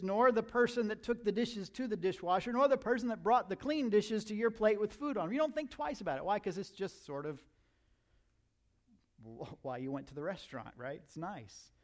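A male pastor giving a conversational sermon, asking his listeners questions and slipping into quiet asides. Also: high-pitched. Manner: conversational, asks the audience questions, drops to asides.

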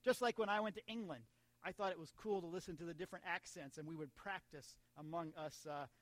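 A man's voice: a little high, fast talker, dry recording. An American man preaching a sermon in a conversational way, mixing humor and asides with scripture. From United States. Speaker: pastor.

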